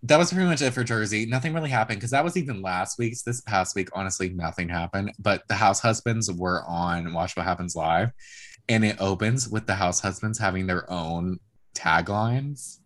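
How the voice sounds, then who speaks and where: Woman co-host, casual recap chat, profane, lively storyteller. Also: very deep voice, moderate pace. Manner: chatty, swears, acts out quotes. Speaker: podcast co-host.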